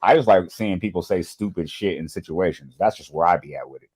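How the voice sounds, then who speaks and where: A man hosting a reaction video, talking in a casual, slangy way and acting out quick impressions of the people on screen. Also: deep voice, a little mellow, slightly rough.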